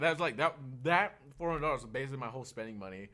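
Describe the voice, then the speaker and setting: Man, podcast co-host, animated storytelling, frequent swearing, bright tone. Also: mid-range voice, very fast. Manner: animated, laughing, swearing a lot. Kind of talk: casual storytelling chat.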